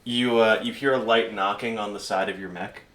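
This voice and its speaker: A man's voice: on the low side, steady tone, fairly quick, fairly bright tone, reverberant, slight background noise. A man running a tabletop game as game master, narrating in a casual, loose way.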